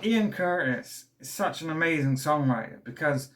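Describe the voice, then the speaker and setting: A man's voice: fairly high pitch, expressive, normal speed, a bit bright. Young male record reviewer, casual and rambling, eager, slightly breathless. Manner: rambling and enthusiastic, many fillers and restarts. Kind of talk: casual album review vlog.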